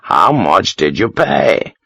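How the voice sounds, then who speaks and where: Gruff-ish cocky soldier, a guy narrating does him, low voice, short and bossy. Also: big pitch swings, slow pace, fairly bright tone, no echo, clean studio sound, heavily acted. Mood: blunt. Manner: curt, commanding. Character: tough soldier, blunt and cocky.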